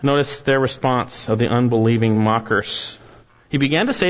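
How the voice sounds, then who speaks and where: A man preaching an earnest expository sermon as pastor, rising to animated emphasis on key points. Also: mid-range voice, normal speed. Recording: muffled sound with long hall reverb.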